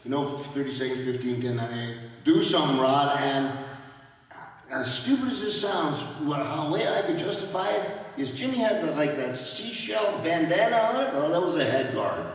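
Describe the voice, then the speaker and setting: Male panel guest, chatty storyteller who laughs through his tales; a touch high, recorded far off in a big reverberant hall. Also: sing-song, normal speed, slight background noise. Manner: rambling, laughs often mid-story. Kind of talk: anecdotal storytelling at a fan panel. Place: large convention hall.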